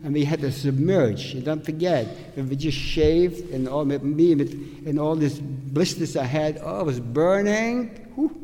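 Older man, testimony to a live audience; halting, reverberant hall. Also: a little high, mellow. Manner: halting, restarts, asks okay. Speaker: survivor giving testimony. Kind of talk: spoken recollection to an audience.

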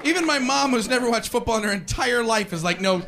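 A man's voice: extremely high pitch, fast, over a noisy crowd. A man doing a sarcastic stand-up comedy routine, acting out voices along the way. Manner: sarcastic, animated, acts out voices. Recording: noisy live show recording.

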